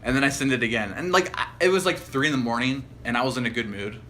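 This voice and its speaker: A man's voice: mid-range voice, fast, pushed and bright, slight background noise. A young man telling rambling, profane stories as co-host of a casual podcast. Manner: rambling storyteller, heavy swearing, mocking quoted voices. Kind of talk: casual chat.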